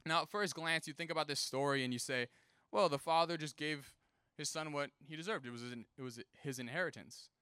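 Young male youth preacher, bright and lively storyteller, slightly higher voice, dry close sound. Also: brisk, smooth, dry recording. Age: young adult. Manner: animated, casual, acts out quoted voices. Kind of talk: sermon with personal storytelling.

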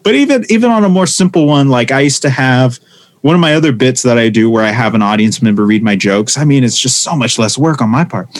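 Man, comedian, casual chat, lively storytelling, acts out quotes, medium pitch. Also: fast. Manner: animated storytelling, acting out quoted voices. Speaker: stand-up comedian. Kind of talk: casual conversation.

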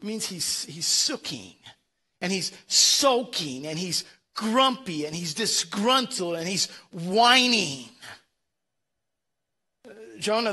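A man's voice: high voice, pushed and bright, husky. A man preaching a sermon, emphatic and repeating words as he presses his points. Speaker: pastor.

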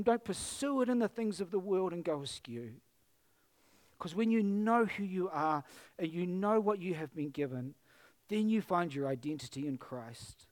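A man's voice: a little high, a little mellow. A middle-aged male pastor giving an emotional, earnest sermon in church and closing in prayer, pleading with his listeners.

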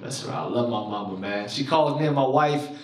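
A man in his thirties doing a stand-up comedy set on a club stage, telling animated stories and talking loudly with the crowd. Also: medium pitch, fairly quick, heavy background noise. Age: 30s. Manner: loud, animated storytelling with crowd work. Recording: roomy live club sound. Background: audience laughter.

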